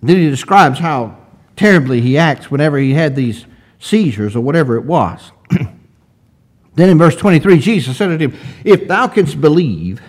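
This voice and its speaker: A man with a fairly high, animated voice preaches a sermon slowly and deliberately. He reads old-fashioned scripture aloud, poses rhetorical questions to his listeners and lets his emphasis swell.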